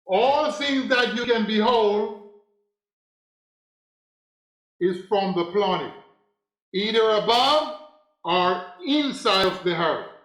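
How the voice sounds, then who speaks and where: A man giving a slow, preachy spiritual monologue, repeating phrases for emphasis. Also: sits high, lively intonation, fairly bright tone, reverberant, rough recording. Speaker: spiritual teacher.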